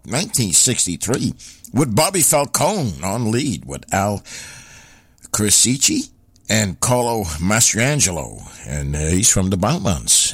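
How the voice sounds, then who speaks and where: A man's voice: medium pitch, dry recording. A man hosting a radio show, chatting in a rambling, jokey way. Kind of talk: casual radio chat.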